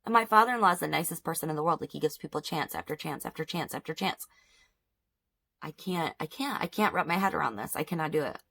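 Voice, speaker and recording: Speaking fast with vocal fry, a beauty vlogger in her thirties recounts an upsetting story during her makeup routine at home, outraged and emphatic and repeating herself for effect. Her voice sits low, with lively intonation and a fairly bright tone.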